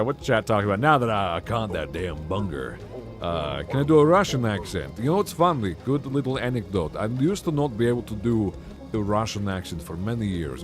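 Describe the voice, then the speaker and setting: Young guy streaming a game, kinda low voice but goes all over the place, jokey and sweary, game music behind. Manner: joking, profane, playful. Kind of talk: gaming commentary.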